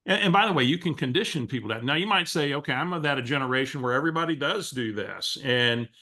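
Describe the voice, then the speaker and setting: A man's voice: mid-range voice, lively intonation, fast, sharp tone. A man, a real estate coach telling a story on a coaching call and acting out the quoted dialogue, with frequent restarts. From Texas.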